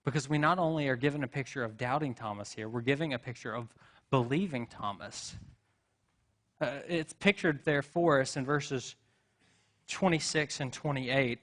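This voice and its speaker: A man's voice: medium pitch, moderate pace, fairly bright tone. A man preaching a sermon in a church, telling stories in a conversational way with asides and rhetorical questions. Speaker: pastor. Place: church sanctuary.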